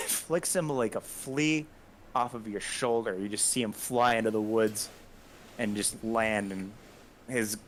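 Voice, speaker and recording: A man's voice: fairly low pitch, slow, slight background noise. A man narrating a tabletop game as game master, describing the action in a loose, chuckling way.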